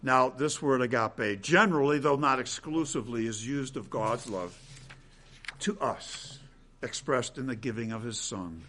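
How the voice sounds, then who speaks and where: Preaching an expository sermon slowly and emphatically, a medium-pitched man swells into loud stresses and falls away to quiet endings. A little hiss or hum is audible.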